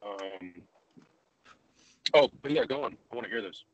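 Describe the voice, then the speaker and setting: A man's voice: mid-range voice, normal speed, slight background noise, poor audio. A young man hosting a podcast, talking loosely with lots of restarts and fillers. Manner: rambling, many restarts and fillers. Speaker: podcast host. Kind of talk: casual conversation.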